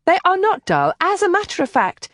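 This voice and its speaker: An earnest young gentlewoman, lifted a little above the narrator's usual pitch, gently chiding and lively in her inflection, as a woman reads her. The voice is dry and close. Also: moderate pace, no echo.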